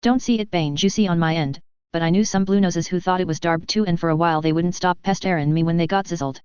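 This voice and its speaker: A woman puts on a young wizard speaking old slang in a deeper, drawling voice with a thick, old-fashioned accent. The voice is very clear but lo-fi and dull. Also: quick pace, a little mellow, no echo, close to an everyday voice. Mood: playful. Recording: dull lo-fi recording.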